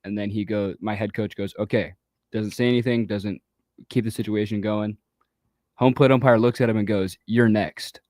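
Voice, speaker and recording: A man's voice: fairly low pitch, fairly even intonation, fairly quick, a little mellow, no room sound. A man who coaches youth baseball, telling a story in casual chat and acting out the quoted exchanges with animation. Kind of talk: casual storytelling on a talk show.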